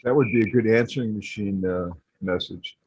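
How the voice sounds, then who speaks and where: A man's voice: fairly low pitch, fairly quick, a little mellow, slightly rough, no echo. A man chatting casually on a podcast, playful, laughing often and acting out silly phone voices. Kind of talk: casual chat. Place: home setup on a video call.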